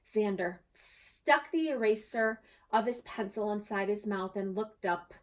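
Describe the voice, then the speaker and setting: A woman who teaches second grade, reading her own children's storybook aloud in a bright, teacherly way. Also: medium pitch, expressive, a little slow, few pauses.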